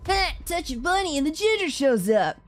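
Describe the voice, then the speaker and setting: A woman's voice: sits high, very animated, normal speed, voice pushed up. A woman voicing a cocky young male bully in a game, mocking and taunting with a patchy put-on British twang. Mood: sneering. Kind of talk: voicing lines in a game playthrough.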